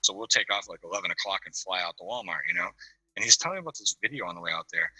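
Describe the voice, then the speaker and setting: Guy on a zoom call with headphones, talks fast, rambly and animated, crisp dry sound. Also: sits low, dry recording, poor audio. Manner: rambling, animated, laughs a lot. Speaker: panel guest. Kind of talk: casual storytelling on a video call. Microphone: video call with headphones.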